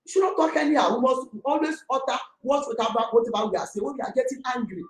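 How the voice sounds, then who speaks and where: Middle-aged Nigerian landlady, excitable and emphatic, high voice, roomy echo. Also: fast, hardly any pauses. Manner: emphatic, excitable, talks forcefully. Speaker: landlady in a dispute. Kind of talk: heated complaint. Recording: echoey room.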